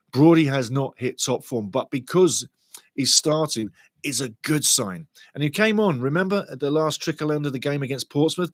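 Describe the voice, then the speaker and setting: A man hosting a live football watchalong, chatting excitedly, reading out viewers' comments and swearing casually. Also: on the high side, dry recording. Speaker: watchalong host.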